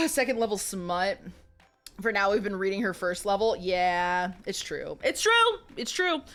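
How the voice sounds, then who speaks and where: A woman's voice: mid-range voice, big pitch swings, measured pace, a bit bright, faint music behind. A woman streamer chatting casually and giggling as she rambles to her viewers. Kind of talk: casual live-stream chat.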